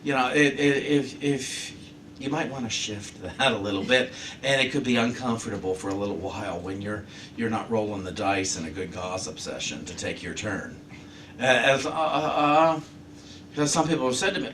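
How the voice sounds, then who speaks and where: A man, a minister, giving a conversational sermon with lively storytelling. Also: mid-range voice, normal speed, a little hiss or hum. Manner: conversational, animated storytelling with laughs. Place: church sanctuary. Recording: roomy, distant mic in a hall.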